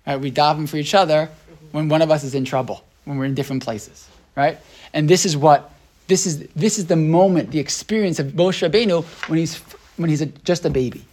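A man's voice: on the high side, a little fast, darkish tone. An American man teaching a Torah class to a small group, asking rhetorical questions, often checking in with "right?", and thinking aloud with restarts.

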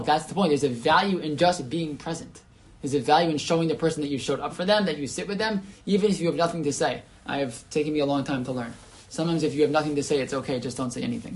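A man leading an informal Torah class, talking conversationally with many restarts and putting questions to the group. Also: a little high.

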